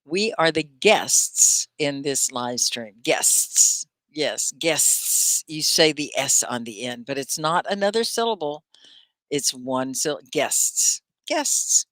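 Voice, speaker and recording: A woman teaches English on a live stream, her voice low in pitch but bright and clear. Her pitch swings widely as she greets viewers and asks them questions. The sound is dry and close. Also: expressive, a little slow, no room sound. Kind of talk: live online English lesson.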